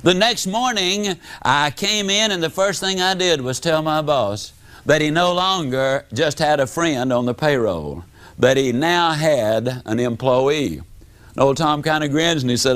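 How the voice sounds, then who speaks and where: A man's voice: a little slow, fairly bright tone. A man giving a motivational speech, telling a story in a folksy, dramatic way. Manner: folksy, dramatic, wide pitch swings. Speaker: motivational speaker.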